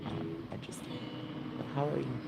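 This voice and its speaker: A woman's voice: moderate pace, heavy background noise. A woman hosting a livestream, talking in an exasperated, rambling way that often trails off mid-sentence. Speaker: livestream host. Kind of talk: casual livestream chat.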